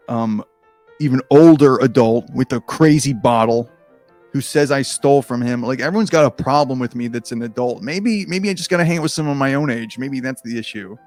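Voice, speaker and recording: A man's voice: mid-range voice, darkish tone, no room sound. A man reading a choose-your-own-adventure book aloud in a casual, comedic way, with rambling, self-deprecating asides and frequent swearing.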